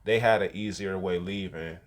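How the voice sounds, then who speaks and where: A man's voice: sits low, fairly even intonation, normal speed. A man, hosting a podcast and telling a story in casual, slangy, profane talk. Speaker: podcast host.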